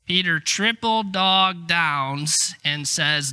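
A man's voice: high voice, slow pace, sharp tone, clean tone. A middle-aged man preaching a sermon in a conversational, emphatic way, acting out the quotes he tells. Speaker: pastor.

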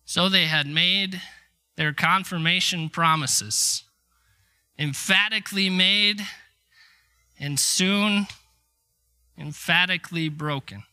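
A man's voice: high voice, takes it slowly, pauses often, pushed and bright, clean tone. A middle-aged man preaching a sermon in a conversational, emphatic way, acting out the quotes he tells. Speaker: pastor.

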